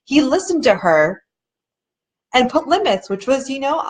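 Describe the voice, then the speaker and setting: Earnest, chatty woman, slightly high voice. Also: big pitch swings, unhurried. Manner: earnest, conversational, acts out quoted people with shifting pitch; restarts and searches for words. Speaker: documentary director hosting a live chat. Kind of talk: casual live video chat.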